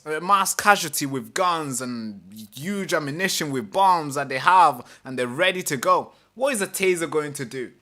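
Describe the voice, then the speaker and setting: Bright-voiced ranting male stream host. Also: on the high side, lively intonation, a little fast, few pauses. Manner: ranting, swears, repeats himself, slips into mocking voices. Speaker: political commentary host. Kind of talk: live-stream commentary reading an article.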